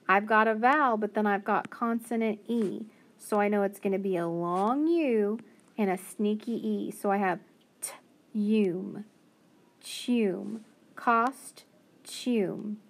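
A woman teacher giving a phonics lesson to young children, patiently sounding out each word. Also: medium pitch. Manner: slow, patient, sounding out words.

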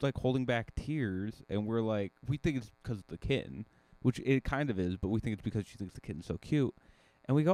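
A man hosting a casual solo podcast, telling a rambling story full of restarts and sudden rises in pitch. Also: dry recording. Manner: rambling, self-correcting storyteller with lively jumps in pitch. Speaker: podcast host.

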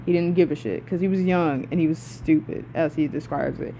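A young woman excitedly reviewing video game characters in a casual, rambling, profane way, often cutting herself off mid-sentence. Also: low voice, fairly quick, slight background noise. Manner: excitable, rambling and profane, with frequent swearing and self-interruptions.

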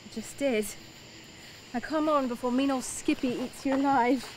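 A woman's voice: high-pitched, normal speed, darkish tone, slight background noise, lightly acted, rough recording. An actress playing a playful, affectionate woman who teases her partner. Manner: teasing, playful. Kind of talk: student film acting.

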